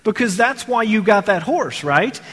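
A man's voice: high-pitched, lively intonation, normal speed, a bit bright, husky. A man from Texas preaching a sermon in a conversational way, asking the congregation rhetorical questions. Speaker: pastor. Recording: long hall reverb.

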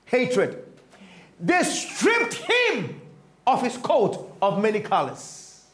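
High-voiced preacher in an echoey room. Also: male voice, wildly swooping pitch, drawn-out words. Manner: dramatic storytelling, swinging from loud to hushed. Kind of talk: sermon.

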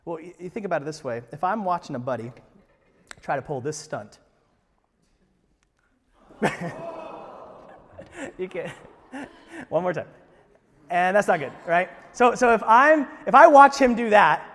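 A man preaching a sermon as pastor, emphatic, moving from quiet lines to loud ones and asking his listeners rhetorical questions. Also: high voice, animated, a little slow, pauses often, in a large hall. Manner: conversational, asks rhetorical questions.

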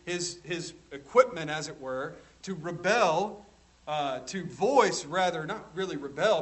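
Emphatic preacher man, high-ish voice. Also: fairly bright tone, poor audio. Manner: emphatic, rhetorical tag questions. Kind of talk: sermon.

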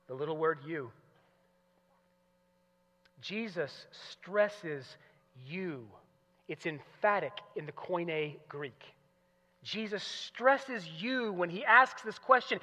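A man preaching a sermon, moving between hushed teaching and loud, emphatic passages. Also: a little high, slow pace, pauses often. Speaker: pastor. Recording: muffled recording in a large hall.

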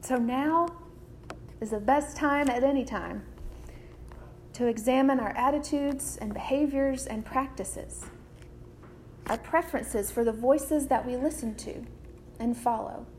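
A woman preaches with a high voice, taking her time over each phrase. Her delivery is measured and deliberate, and she leans on repetition. A faint hiss sits under the recording. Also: a little mellow. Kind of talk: sermon.

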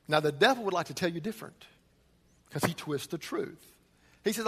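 Male pastor, high voice, emphatic sermon delivery, long hall echo. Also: expressive, fairly quick, husky. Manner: emphatic preaching, swings from loud urgency to quiet intensity.

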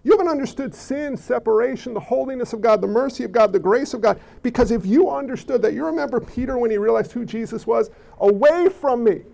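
A man preaching a sermon in an animated way. He often repeats words as he builds his points. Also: very high voice, quick pace, creaky, few pauses. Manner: animated, repeats words, acts out quoted people. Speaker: pastor. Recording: dull lo-fi recording.

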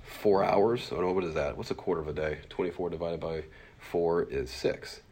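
A man in his forties, a pastor teaching a Bible class in a casual, fast-talking way, full of fillers and acted-out asides. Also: low voice, darkish tone, husky. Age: 40s.

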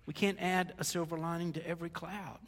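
A man's voice: a little high, fairly even intonation, a little fast, a little hiss or hum. An older man preaching a sermon as a pastor, conversational, with stumbles and folksy asides. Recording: reverberant hall.

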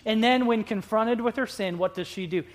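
Emphatic preacher delivering a sermon. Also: mid-range voice. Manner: emphatic, with drawn-out words and sudden loud bursts; playful asides to the congregation. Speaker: pastor.

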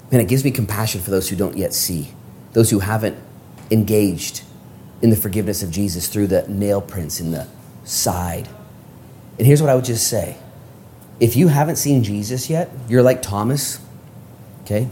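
A man preaching a casual, animated sermon as a pastor, speaking in slang and acting out the voices of the people in the story. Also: on the low side, slight background noise.

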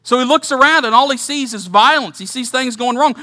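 A man preaching a sermon, impassioned and emphatic with rhetorical questions, slowing down to read scripture. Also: very high voice, sharp tone. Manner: reads scripture slowly and deliberately. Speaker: pastor.

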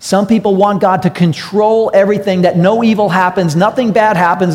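A man's voice: high-pitched, brisk, hardly any pauses, a little mellow. Man preaching in a reverberant church. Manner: conversational, repeats words, rhetorical questions to the congregation. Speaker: pastor. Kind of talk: sermon.

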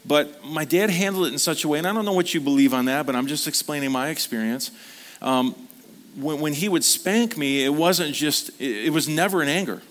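A man's voice: a little high, brisk, a bit bright. A man preaching a sermon at a church service, speaking earnestly in a conversational storytelling manner. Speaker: pastor.

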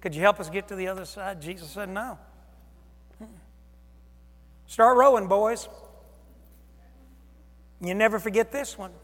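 Animated high-voiced preacher in a reverberant hall. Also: male voice, normal speed. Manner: animated, acts out voices of Jesus and disciples, swings loud and soft. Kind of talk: sermon.

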